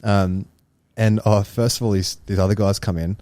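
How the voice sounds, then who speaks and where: A man's voice: on the low side, flat delivery, mellow, no room sound. A man co-hosting a podcast, telling stories in a casual chat and swearing freely. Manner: storytelling, swears freely, quick asides. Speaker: podcast co-host.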